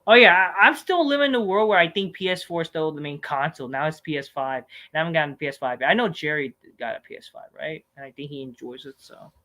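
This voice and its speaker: A man with a somewhat high voice runs a casual live stream Q&A, rambling through viewer questions. He swears freely and jumps into loud, animated outbursts. He talks into a computer mic. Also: quick pace, hardly any pauses.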